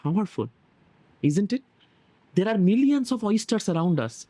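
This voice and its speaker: A man's voice: sits high, sing-song, moderate pace, dark tone, no echo. A man leads an online session over a video call and tells a story earnestly and with animation, stumbling and restarting as he goes. His voice rises and falls widely, and the sound is close and dry. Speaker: host of an online wellness session.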